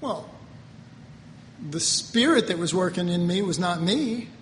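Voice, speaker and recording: A pastor with a fairly high voice for a man, preaching in a folksy, earnest storytelling manner that swells into emphatic preaching. His words ring through a large church hall with a long reverb tail, and faint room ambience sits underneath. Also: lively intonation, measured pace, a little hiss or hum. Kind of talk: conversational sermon with personal stories.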